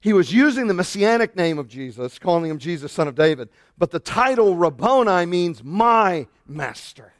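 Animated man preaching a sermon. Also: high-pitched, moderate pace, few pauses, no echo, studio quality. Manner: animated preacher, shouting out quoted lines. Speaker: pastor.

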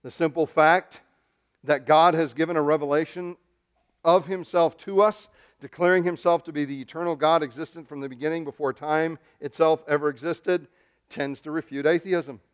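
A man preaching a sermon, excitable and emphatic, often repeating words and swinging between loud stresses and quiet asides. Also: on the high side, clean tone. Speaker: pastor.

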